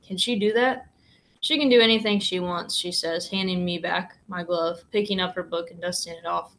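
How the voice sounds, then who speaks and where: A woman reading a children's novel aloud in a steady, plain storybook manner, with only light changes for the characters. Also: lowish voice, normal speed, low-quality recording. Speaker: reader.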